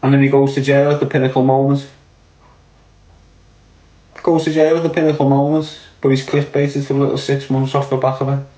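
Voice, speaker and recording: A man's voice: mid-range voice, flat delivery, fairly quick, long pauses, warm tone. A man with a Liverpool accent ranting on a podcast, blunt and sweary, repeating his points for emphasis. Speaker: podcast commentator. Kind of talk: opinionated podcast rant. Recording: echoey room.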